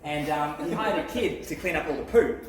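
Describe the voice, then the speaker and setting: A man's voice: a little high, fairly quick, distant mic, a little hiss or hum. A man doing crude, rambling open mic stand-up and laughing at his own jokes. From Australia. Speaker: stand-up comedian. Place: small venue, in front of an audience. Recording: echoey room picked up from afar.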